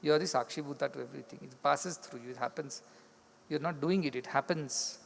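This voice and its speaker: A man's voice: a little high, fast, creaky. A man with an Indian English accent giving a spiritual discourse, explaining through repetition and acted-out stories. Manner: explains with repetition, acts out quoted voices. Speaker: spiritual teacher. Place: large hall. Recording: long hall reverb.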